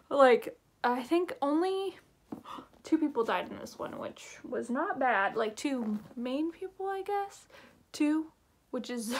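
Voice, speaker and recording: High-voiced woman for a casual book vlog; rambling, gushing delivery. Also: a little hiss or hum. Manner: gushing, chatty, full of fillers and "oh my gosh". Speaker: book reviewer.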